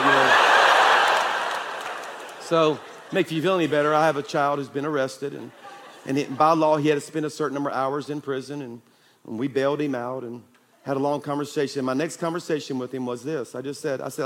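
A middle-aged man preaching as a pastor, telling a story in an animated, energetic way that often rises and gets louder. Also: fairly high pitch, a little fast, pauses often, crowd noise, background noise. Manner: animated storytelling, voice rising and getting louder at peaks. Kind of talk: sermon.

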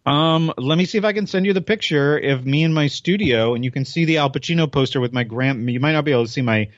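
A man's voice: fairly high pitch, fast talker, no echo, muffled recording. A man as a podcast guest in casual chat, playfully boastful and mock self-important.

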